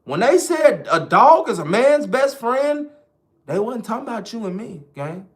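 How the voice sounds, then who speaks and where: Animated, swinging-voiced ranting man. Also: very high-pitched, measured pace. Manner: profane, emphatic, animated. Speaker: online commentator. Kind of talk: casual commentary rant.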